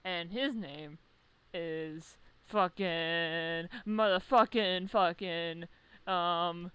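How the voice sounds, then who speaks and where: Bright, crisp, profane rambling storyteller. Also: medium pitch, steady tone, extremely slow, poor audio. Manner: profane, rambling, self-interrupting. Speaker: video creator. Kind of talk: rambling comic recap from memory.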